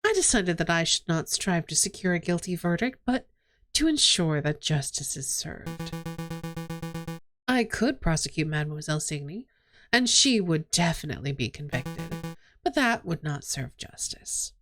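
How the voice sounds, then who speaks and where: Calm, lower-voiced rooster prosecutor, formal and reflective, a woman voices him, faint music behind. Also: normal speed.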